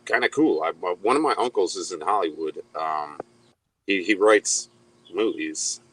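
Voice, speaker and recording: Very low-voiced, laid-back man. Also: expressive, fairly bright tone, slightly rough, rough recording. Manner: laid-back, rambling, halting restarts. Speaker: guest. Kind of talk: casual live-stream chat.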